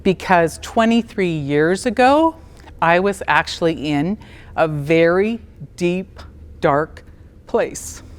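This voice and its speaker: A woman in her fifties on a stage, telling her personal story in an animated, blunt and candid way. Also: fairly low pitch, slow pace, long reverb tail. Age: 50s. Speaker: speaker at a talk event.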